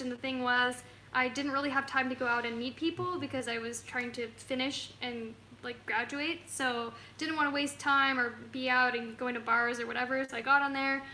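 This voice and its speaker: A woman's voice: high-pitched, pushed and bright, roomy sound, a little hiss or hum. A young woman co-hosting a casual live stream from her couch at home, chatty, laughing often and reading out viewer comments. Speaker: co-host of a travel channel live stream.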